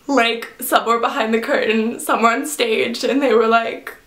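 A young woman vlogger telling a comic personal story, animatedly acting out the quoted lines with sudden high jumps. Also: steady tone, moderate pace, a bit bright, reverberant.

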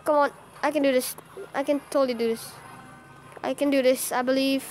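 Excitable high-voiced woman gaming. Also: brisk, soft background music. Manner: excitable, swings between cheering and groaning. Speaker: gaming channel host. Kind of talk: live gameplay commentary.

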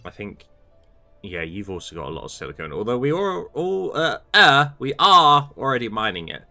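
A young man live-streams a game and chats loosely with viewers, sleepy yet animated, his pitch rising and falling a lot. His voice has a bright, forward edge, and soft game music sits in the background. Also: moderate pace, vocal fry. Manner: chatty, rambling, reads out chat messages. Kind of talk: casual live-stream chat while gaming.

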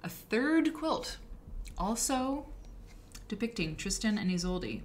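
A woman's voice: medium pitch, very animated, takes it slowly, slight background noise. A woman hosting a live stream, chatting casually and rambling with frequent asides and self-corrections. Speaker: livestream show host. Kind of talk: casual live-stream talk about quilt history.

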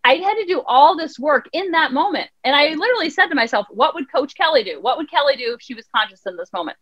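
A woman child counselor on a podcast, telling a parenting story in an animated way and acting out her son's lines. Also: high voice, fast talker, lo-fi sound. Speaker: child counselor and life coach guest. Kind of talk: podcast conversation.

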